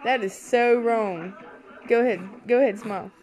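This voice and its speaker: A woman's voice: on the high side, moderate pace, darkish tone, a faint crowd. A woman who is sick and under the weather, filming at home with a handheld camera and teasing and coaxing her baby in playful baby talk. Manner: coaxing, teasing, sing-song.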